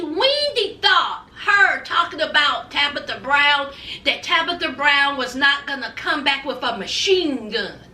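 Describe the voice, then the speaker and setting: A woman's voice: extremely high pitch, bright, forceful tone, roomy sound, far from the mic. A woman hosting a gossip commentary vlog, sassy and dramatic, calling people "honey" as she talks. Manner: sassy, drawn-out, says "honey" often. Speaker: host.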